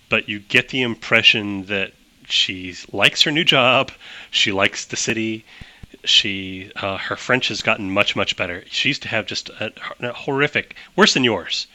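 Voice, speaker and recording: Guy gm running a tabletop game, low-ish super bright voice, chatty, laughs a lot. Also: dry recording, rough recording. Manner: chatty, laughs often, many fillers. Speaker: game master.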